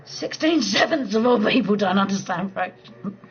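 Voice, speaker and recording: A woman from southeast England with a local accent, chatting casually with viewers on a late-night live stream from home, blunt and quick to laugh. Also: medium pitch, lively intonation, highs cut off, slight background noise. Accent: southeast English. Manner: chatty, blunt, swears freely, laughs easily.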